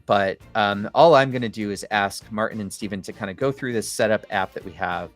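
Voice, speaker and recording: A man's voice: fairly low pitch, fairly quick, soft background music. A man co-hosting a livestream, talking casually in a playful, rambling way. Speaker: co-host of a developer livestream.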